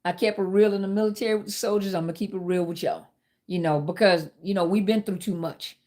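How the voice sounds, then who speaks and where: A woman's voice: medium pitch, fairly even intonation, fast talker, warm tone. A middle-aged woman, hosting a live talk and telling a personal story candidly, speaking straight to her viewers. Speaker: host.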